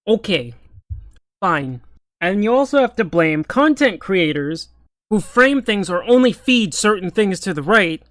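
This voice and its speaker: A man's voice: high voice, a bit bright, no echo. A man ranting in political commentary, exasperated, sarcastic and profane.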